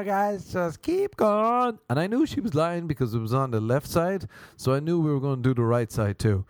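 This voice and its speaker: A man's voice: mid-range voice, a little mellow, no room sound. An Irish man telling a rambling, sweary comic story as host of his show. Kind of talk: comic monologue.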